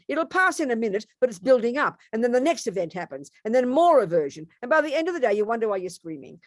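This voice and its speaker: A woman's voice: no room sound, studio quality. A woman, a Buddhist nun, giving an emphatic, conversational dharma talk full of rhetorical questions. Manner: emphatic, animated, wide swings in pitch and loudness; conversational, repeats herself and asks rhetorical questions.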